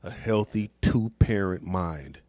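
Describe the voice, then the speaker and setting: A man's voice: low voice, lively intonation, slow, darkish tone. A middle-aged man hosting a casual chat show, talking loosely in slang and laughing often. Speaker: podcast host.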